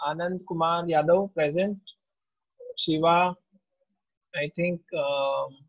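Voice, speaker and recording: A man, a teacher taking attendance in an online class in a slow, unhurried way. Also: fairly high pitch. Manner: slow, unhurried roll call. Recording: tinny, phone-like audio.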